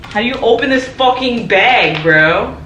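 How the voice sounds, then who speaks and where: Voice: medium pitch, expressive, measured pace, sharp tone, a little hiss or hum. A young adult vlogger talking casually to camera, nervous and rambling, with lots of swearing. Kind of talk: casual vlog monologue. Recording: roomy echo, faint music.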